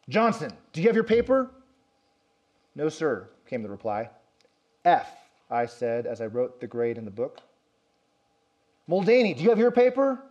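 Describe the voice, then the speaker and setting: A pastor preaching a sermon, telling a story and acting out quoted lines with rising and falling emphasis. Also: male voice, on the high side, a little mellow.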